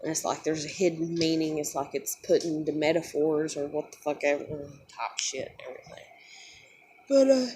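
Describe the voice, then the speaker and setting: A woman's voice: deep voice, flat delivery, fairly quick, hardly any pauses, a little mellow, a little hiss or hum. A young woman who just woke up, tired and close to tears, rambling in an upset, swearing vlog rant full of fillers. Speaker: vlogger.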